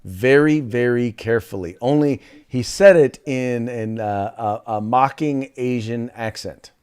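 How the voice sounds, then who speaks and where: A man's voice: mid-range voice, slow, darkish tone, clear, resonant tone. A man hosting a political talk show, giving short sarcastic agreements and telling stories loosely with many fillers. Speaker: host.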